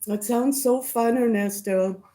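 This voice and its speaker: A woman with a slightly high, mellow voice eats on camera as a mukbang vlogger. She chews slowly, murmurs as she savors her meal, and says hello to chat viewers by name between bites.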